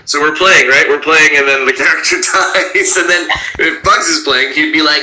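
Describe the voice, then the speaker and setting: A man who works as a voice actor, a guest in a casual chat, animated and playful as he laughs and talks. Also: on the high side, moderate pace, hardly any pauses, background noise.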